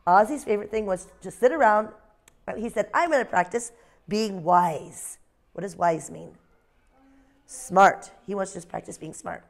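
A woman teacher runs a phonics lesson for young children and reads them a story aloud, slow and sing-song. Her voice sits at medium pitch with a creaky quality.

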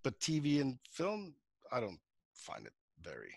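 A man's voice: mid-range voice, vocal fry, breathy edge, no room sound. Man talking in a dry room. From Norway. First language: Norwegian. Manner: relaxed, halting, with many restarts. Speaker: guest actor. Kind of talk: casual interview chat.

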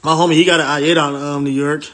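A man's voice: fairly high pitch, flat delivery, fast, fairly bright tone. A man hosting a casual phone livestream, talking in a brash, profane and rambling way. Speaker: livestream host, rental car business owner.

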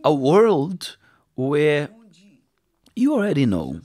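A man preaching a sermon in English with a Brazilian Portuguese accent, deliberate and emphatic, repeating key phrases. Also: a little high, wildly swooping pitch, darkish tone, dry recording.

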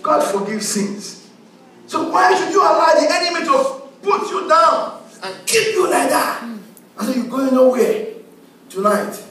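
High-voiced preacher man in an echoey hall. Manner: preaching with shouted call-and-response surges. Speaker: pastor. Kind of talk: sermon. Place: church hall. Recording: echoey hall, mic far off, faint noise.

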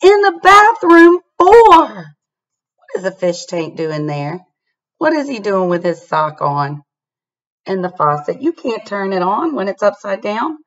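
Woman reading storybook to kids, very lively and slow, engaging, muffled webcam audio. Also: mid-range voice. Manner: animated, asks the listener to find things. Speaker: storybook reader. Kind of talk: reading a picture book aloud to children. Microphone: laptop webcam.

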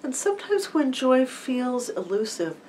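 A middle-aged woman minister giving a reflective message, telling a story in a thoughtful, unhurried way with pauses and fillers. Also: high-pitched, big pitch swings, a little mellow, recorded from a distance, slight background noise, poor audio.

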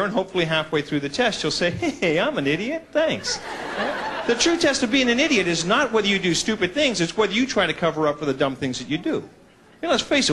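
A man performing stand-up with a high, very lively voice that swoops up and down as he acts out characters. He mocks himself as he goes, and the audience laughs along in the background. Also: slight background noise. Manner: animated, self-mocking, acts out characters. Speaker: stand-up comedian. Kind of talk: stand-up comedy routine.

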